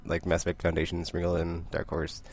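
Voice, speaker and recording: A young man chatting casually about the comics he picked up this week, rambling with asides and short laughs and acting out the characters in quick voices. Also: deep voice, monotone, a little hiss or hum. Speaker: comic book vlogger. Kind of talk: casual comic book review.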